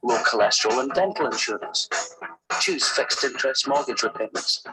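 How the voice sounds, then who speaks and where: A man's voice: medium pitch, lively intonation, normal speed, lightly acted, low-quality recording. An actor playing a bitter young man with a Scottish accent, delivering a sweary, scornful monologue in a film clip. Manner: scornful, sweary, rhythmic repetition. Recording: film clip with loud music behind.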